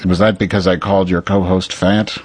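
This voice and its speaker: A man's voice: low voice, flat delivery, fairly quick, breathy edge. A man co-hosting a comedy podcast, bossy, impatient and teasing in crude bickering banter. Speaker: podcast co-host.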